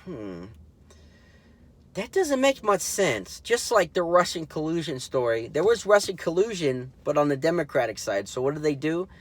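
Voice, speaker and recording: On his own political commentary show, a man rambles in an indignant, mocking way, his casual speech packed with fillers and restarts. His voice is on the high side and very animated, at a moderate pace.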